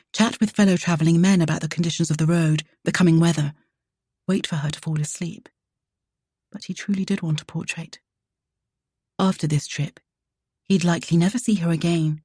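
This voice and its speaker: A woman reading a romance novel aloud, soft and measured. Her voice is low, mellow and husky, and the recording is close and dry. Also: fairly even intonation, no echo. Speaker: audiobook narrator. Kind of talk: scripted romance narration.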